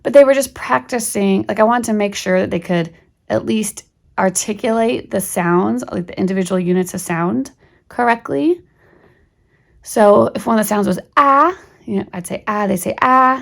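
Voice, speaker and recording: Gravelly-voiced woman homeschool host, rambling. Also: medium pitch, a little fast, a little mellow. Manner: rambling, with frequent fillers and restarts. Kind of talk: casual talk-through of a reading primer.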